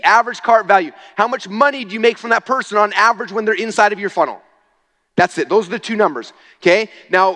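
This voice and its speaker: A man speaks quickly and keenly from a stage, with a high voice and a casual, chatty way of pressing his points. He keeps asking the crowd "okay?" as he goes. The sound trails off in the long reverb of a big hall. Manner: energetic, casual, says "okay?" often. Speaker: speaker at a marketing event. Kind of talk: live stage presentation.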